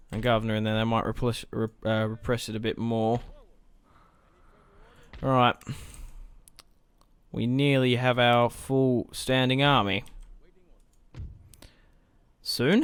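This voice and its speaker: A young man talks through a game he is playing, thinking aloud in a relaxed, rambling way and dropping the odd swear word. His voice is smooth and clear, at an ordinary middle pitch. It is recorded close and dry, with no room sound. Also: no echo. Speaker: gaming let's-play host. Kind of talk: casual gameplay commentary.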